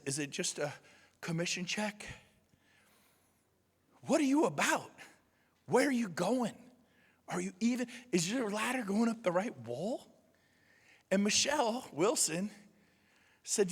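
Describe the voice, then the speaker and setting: Booming motivational speaker, lively pitch. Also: male voice, a little slow, pauses often, husky, big-room sound. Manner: shouting, emphatic, swings from loud to quiet. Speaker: conference speaker. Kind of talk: motivational speech. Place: large conference room.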